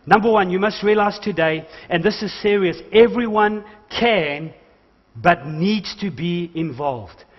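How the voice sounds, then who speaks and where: A man's voice: high-pitched, a little slow. A man preaching a sermon as pastor, emphatic and calling out to his congregation, mixing in jokes. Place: church hall. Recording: dull church recording with long hall reverb.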